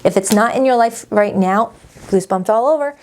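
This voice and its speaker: A woman's voice: medium pitch, a little fast, a little mellow, slight background noise. A woman doing a casual tarot reading, chatty and emphatic, often repeating her phrases. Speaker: tarot reader.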